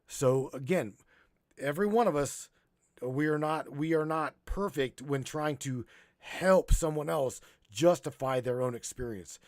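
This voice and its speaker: A man hosting a live stream, rambling and swearing, halting and choked up as he talks. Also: a little high, darkish tone, no echo, studio quality. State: choking up. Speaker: podcast host. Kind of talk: emotional live-stream monologue.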